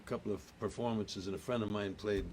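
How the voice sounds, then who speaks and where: An older man from Providence, Rhode Island, an actor and guest telling animated stories in a casual chat and acting out the exchanges he recalls. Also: on the low side, a little fast, slight background noise. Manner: animated storyteller, acts out quoted exchanges.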